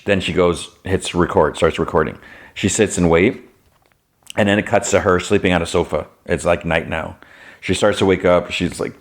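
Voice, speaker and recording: A man hosting a podcast, recapping a TV episode in a rambling, casual way with lots of "like" and "you know" and "fudging" in place of curses. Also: sits low. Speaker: podcast host.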